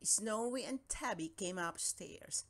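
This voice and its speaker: A woman narrating a children's picture book in a gentle, expressive storytelling voice. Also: mid-range voice, slow pace, heavy background noise. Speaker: storybook reader. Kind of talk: children's read-aloud narration.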